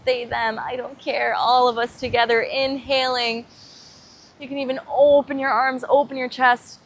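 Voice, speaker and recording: A woman coaching vocal embodiment, leading a guided meditation in a soft, gentle voice with slow affirmations that sometimes swell into loud chanting. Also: high voice, little pitch movement, a little hiss or hum, low-quality recording.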